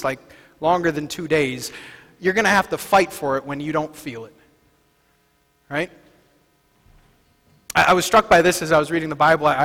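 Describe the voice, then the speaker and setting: A man preaching a sermon, moving between quiet, low passages and loud, declaring ones. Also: long reverb tail. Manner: swings from soft and low to loud, shouting declarations. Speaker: pastor.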